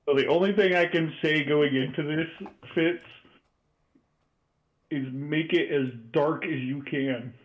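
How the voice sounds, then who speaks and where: A man's voice: on the high side, fairly even intonation, a little slow, muffled recording. A man playing a tabletop game online, talking in a hesitant, apologetic way. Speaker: player. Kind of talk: casual tabletop game chat.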